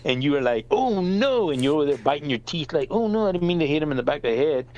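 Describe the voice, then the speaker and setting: A middle-aged father tells family stories on a podcast in a casual chat, swearing freely and animatedly acting out the people he quotes. He talks very fast in a fairly high voice, and the recording is muffled.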